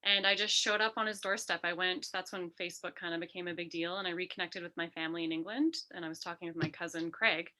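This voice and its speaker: A woman guest on an interview, talking through a personal story with lively energy. Her voice sits low but has a bright, forward edge. She often slips into quick re-enactments of what people said. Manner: animated, re-enacts quotes in a lively voice.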